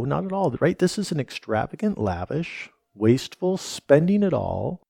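A man's voice: on the high side, very animated, measured pace, creaky, few pauses, mellow, breathy edge, no room sound, clean studio sound. A man preaching a reflective sermon, reading scripture aloud and repeating phrases for emphasis. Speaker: pastor.

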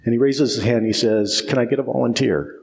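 A man's voice: mid-range voice, fast, gravelly, darkish tone. A man preaching a sermon as pastor, emphatic and repetitive, often asking "right?" and restarting phrases.

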